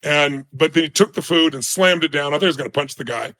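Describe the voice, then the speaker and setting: A man's voice: on the high side, quick pace, bright, forceful tone. A middle-aged man, a guest in an interview, telling a personal story emphatically and acting out the people in it. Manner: emphatic, dramatic storytelling with voiced quotes.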